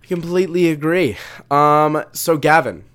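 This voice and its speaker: A man's voice: on the high side, normal speed, a bit bright, smooth. A man co-hosting a podcast, chatting casually and telling rambling stories full of fillers, with a lingering cough. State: has a cough from a chest infection. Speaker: podcast co-host. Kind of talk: casual chat.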